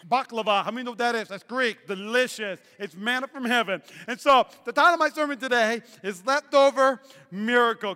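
A man preaching a sermon as pastor, telling playful stories with lively asides. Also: very high voice, fairly quick. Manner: animated storytelling with playful asides. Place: church sanctuary. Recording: echoey hall reverb.

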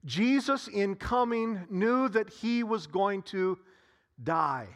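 A man preaching a sermon, repeating phrases with long dramatic pauses and sighs. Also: high-pitched, lively intonation, a bit bright. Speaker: pastor.

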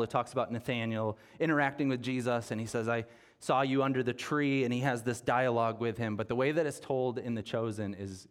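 Male pastor, sermon delivery in a church, earnest, average pitch, natural restarts. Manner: earnest, with restarts and repeated words. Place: church sanctuary.

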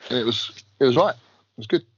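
A man telling animated stories in casual banter, acting out other people's voices as a podcast co-host. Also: medium pitch, a little fast, breathy edge. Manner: animated storyteller, acts out others. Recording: dry, dull lo-fi sound.

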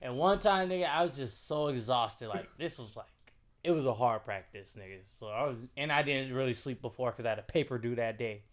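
A man's voice: medium pitch, brisk. A young man telling a story in casual chat, laid-back and slangy.

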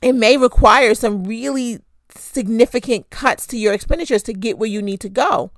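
A woman's voice: on the high side, normal speed, dry recording. A woman hosting a podcast, giving frank, conversational money advice with mild swearing and self-deprecating asides. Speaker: podcast host. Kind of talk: casual personal finance talk.

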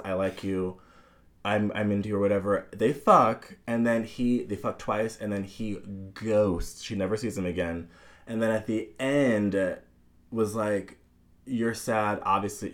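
A man with a fairly low voice talks through a film on a casual podcast. He is animated and profane, often slipping into quick impressions of the characters as he retells scenes. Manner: animated, profane, acts out characters' lines in higher voice. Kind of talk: casual chat about a film.

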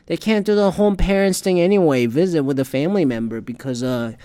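A man hosting a casual talk show, ranting in a rambling, profane way and growing loud and worked up. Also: fairly high pitch, expressive, brisk, clean tone.

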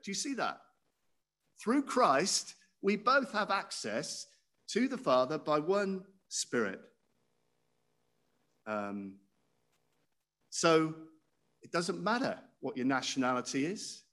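A man's voice: on the high side, big pitch swings, slow pace, long pauses, a bit bright. Guy preaching, chatty, keeps asking the crowd stuff, voice goes up and down a lot. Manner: conversational, asks the audience questions. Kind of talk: sermon.

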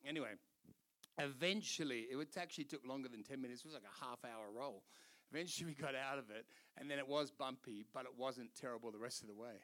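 A man's voice: medium pitch, fast. A man with an Australian accent preaching a sermon, telling stories with laughter and acted-out voices. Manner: animated storytelling, laughing, doing voices. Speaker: pastor.

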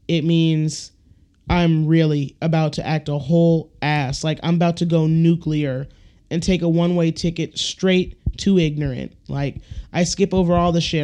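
A man's voice: fairly high pitch, mellow, clear, resonant tone. Blunt, profane man ranting on a podcast. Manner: acts out quoted people with shifts in voice. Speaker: podcast host. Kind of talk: casual solo podcast rant.

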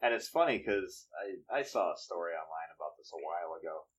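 A man's voice: deep voice, expressive, quick pace, rough recording. A man from northeastern Pennsylvania in casual chat, musing and trailing off with fillers.

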